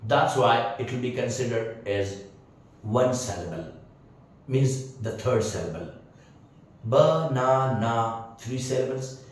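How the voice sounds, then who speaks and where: A man teaching English grammar, hesitant with many fillers, often repeating phrases, spelling words out letter by letter and checking whether the class has understood. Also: medium pitch. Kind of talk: spoken grammar lesson. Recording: very echoey room, distant mic.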